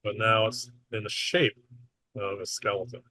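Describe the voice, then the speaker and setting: A man running a tabletop game as game master, narrating in a relaxed, matter-of-fact way with small asides. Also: on the low side, normal speed.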